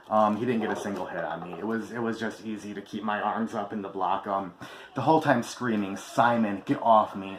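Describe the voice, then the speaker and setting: Lowish-voiced guy vlogging a personal story, blunt and emphatic, echoey room with a little background hum. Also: fairly bright tone. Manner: candid, emphatic, swears freely. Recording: echoey room with faint ambience.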